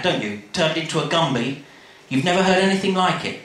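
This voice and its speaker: A man telling a comic story in a chatty, animated way, speaking straight to the listener. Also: a little high, a little fast. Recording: very echoey room, faint noise.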